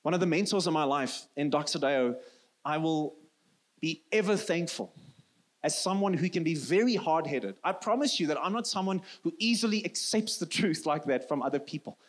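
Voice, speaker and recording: Earnest high-voiced South African pastor. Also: male voice, animated, moderate pace. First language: Afrikaans. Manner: earnest, often drops to a soft low voice for emphasis. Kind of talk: sermon.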